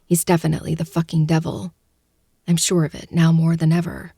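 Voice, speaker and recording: Woman narrating in a low, gravelly hush. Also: completely flat delivery, a little fast, dry recording, studio quality. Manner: hushed, breathy, intimate delivery that often drops to a whisper. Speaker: audiobook narrator. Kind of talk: first-person audiobook narration.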